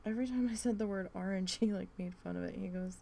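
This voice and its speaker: A young woman with a New Jersey accent, chatting casually and thinking out loud while she works on a craft project. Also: medium pitch, fast, vocal fry, slight background noise. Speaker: craft vlogger.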